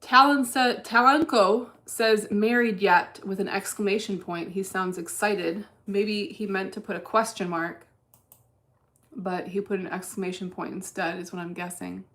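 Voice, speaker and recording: A woman hosting a casual livestream, reading chat aloud while day trading, blunt and deadpan with plenty of profanity. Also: on the low side, normal speed.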